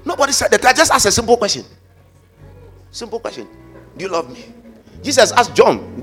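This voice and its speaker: A pastor preaching a fervent sermon, swinging between loud shouted calls and quiet asides, slipping into sung phrases. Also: male voice, high-pitched, animated, fairly quick, pauses often, breathy edge, soft background music.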